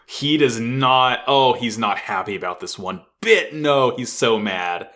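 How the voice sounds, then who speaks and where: A man co-hosting a podcast, recapping an anime in a casual, animated way, with swearing and frequent laughter. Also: mid-range voice, a little slow. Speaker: podcast co-host.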